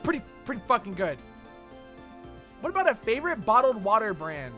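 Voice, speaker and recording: A man's voice: high voice, very animated, a little fast, bright, forceful tone, soft background music. A young man streaming a game, chatting casually and reading chat with a rambling, sweary manner full of fillers.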